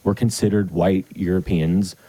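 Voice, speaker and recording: A man's voice: low voice, fairly even intonation, moderate pace, mellow, husky, dry recording. A male podcast co-host in casual political chat, opinionated and rambling, swearing casually.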